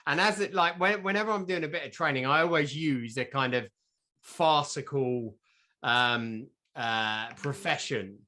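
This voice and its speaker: A man's voice: mid-range voice, measured pace, bright, forceful tone. A man from southern England, co-hosting a casual comic chat, rambling playfully. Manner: rambling, playful, sings silly jingles. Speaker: podcast co-host.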